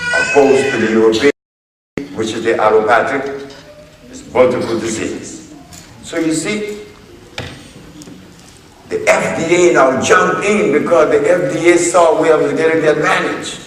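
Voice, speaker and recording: A man giving a public lecture, telling a story in an unhurried, emphatic way and acting out the dialogue he reports. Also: fairly high pitch. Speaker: speaker addressing an audience. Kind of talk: public lecture with retold courtroom exchanges. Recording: echoey hall from far off, faint background noise.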